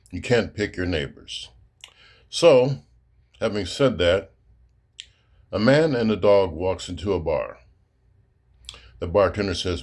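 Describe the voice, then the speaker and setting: A man hosting his own channel, telling a joke in a casual, laid-back way with filler words. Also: deep voice. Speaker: writer and channel host.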